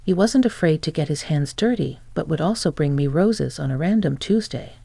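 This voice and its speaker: Woman reading a first-person drama story, voices the dialogue, kinda gravelly and dark. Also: low-pitched, normal speed, dry recording. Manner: expressive, acts out dialogue. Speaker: story narrator.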